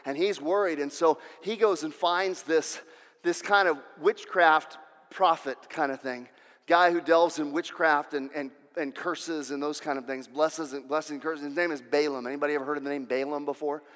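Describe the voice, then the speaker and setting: A male preacher retelling a story in a sermon, restarting words and rising to shouted climaxes. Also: on the high side, steady tone, normal speed, big-room sound. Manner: restless, repeats words, builds to shouting.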